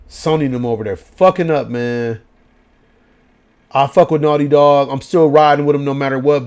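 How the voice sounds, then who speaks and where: A man, giving a profane late-night rant as a gaming vlogger. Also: medium pitch. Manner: profane, animated ranting in slang.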